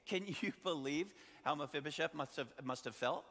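Bright-voiced male pastor preaching. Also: fairly high pitch, normal speed, few pauses, big-room sound. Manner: conversational storytelling, asking the congregation questions. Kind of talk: sermon. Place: church sanctuary.

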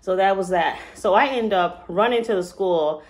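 A woman's voice: mid-range voice, moderate pace. Woman, casual vlog storytelling, emotional, rambling, fillers. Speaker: mother telling a personal story.

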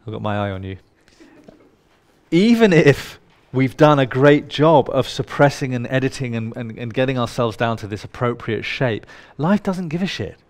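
A man leads a live workshop, talking straight to the people in the room. His delivery is playful and irreverent, with casual swearing mixed in, and his voice sits at an ordinary middle pitch. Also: expressive, normal speed. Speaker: workshop leader. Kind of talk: live workshop talk to an audience.

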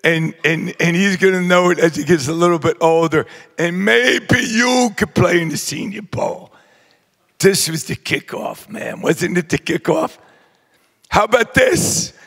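An older man, giving a rowdy acceptance speech full of brash shouted jokes. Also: sits high, measured pace, vocal fry, big-room sound. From New Jersey. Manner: boisterous, shouting, brash joking. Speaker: hall of fame inductee.

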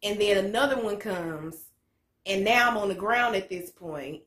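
Speaking unhurriedly with lively intonation, this late-twenties woman has a medium-pitched, fairly bright voice. As a motivational vlogger she narrates to the camera bluntly, swearing and using lots of slang, in an echoey room.

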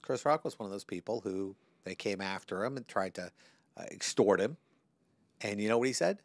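A man's voice: fairly low pitch, animated, normal speed, no echo. A man, an attorney co-hosting a podcast, talking in blunt, joking, emphatic banter.

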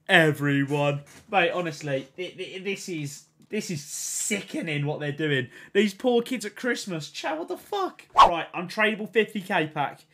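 A man's voice: high-pitched, big pitch swings, normal speed. A young English man streaming a video game, swearing and swinging between ranting and cheering as he talks to his chat. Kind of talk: live game commentary to chat.

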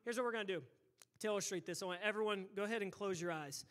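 A pastor preaching a sermon into a microphone in a church, loud and emphatic, repeating words and breaking into shouts. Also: male voice, high voice, racing. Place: church sanctuary. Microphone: handheld or stage microphone.

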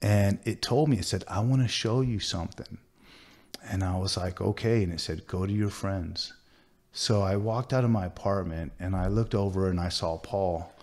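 A man, a tattoo artist, earnestly recounting a personal story in a sit-down interview, halting and restarting with many fillers. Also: sits low, a little mellow.

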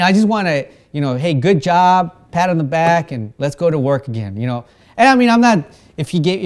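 A man's voice: a little high, darkish tone. Man preaching a casual, rambling sermon. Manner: conversational, many fillers and restarts. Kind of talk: informal sermon. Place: church.

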